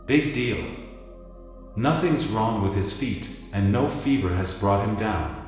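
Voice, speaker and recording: Angry greek warlord, guy doing the voice, blunt n proud, slow, music under it. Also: on the low side, animated, darkish tone. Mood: scornful. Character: fierce Greek warlord chief, gruff and proud. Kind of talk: dramatic reading. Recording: echoey hall with music behind.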